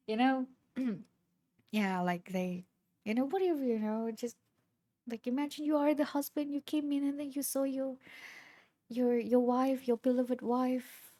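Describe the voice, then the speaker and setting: A young woman streamer chatting casually with her viewers, retelling things in a halting, rambling way with many restarts. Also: fairly high pitch, warm tone.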